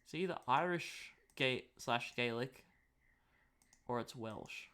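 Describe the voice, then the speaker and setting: A man's voice: medium pitch, slow, sharp tone. A young Australian man chatting casually on a live stream as he makes a map, muttering to himself and poking fun at himself.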